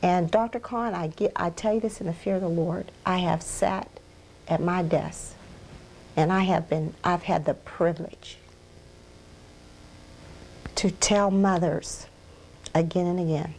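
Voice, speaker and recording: A woman's voice: on the low side, fairly even intonation, measured pace, pauses often, darkish tone, a little hiss or hum, low-quality recording. Earnest woman minister sharing her testimony. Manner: earnest, heartfelt, repeats phrases for emphasis. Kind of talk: emotional personal testimony in an interview. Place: research center.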